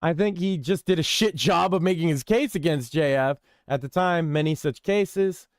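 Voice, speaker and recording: A man's voice: a little high, normal speed, clear, resonant tone, no room sound, studio quality. A man hosting a casual commentary stream, reading forum posts with wry, offhand remarks. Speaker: stream host.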